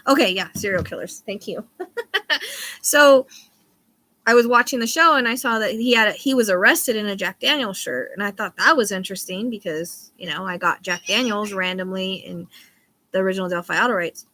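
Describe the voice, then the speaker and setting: A woman chatting casually on a livestream as a psychic host. Her voice is bright and forward, sitting at an ordinary middle pitch. She rambles from one thought to the next, often loses her thread, and laughs easily in between. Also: a little fast. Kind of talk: casual live-stream chat.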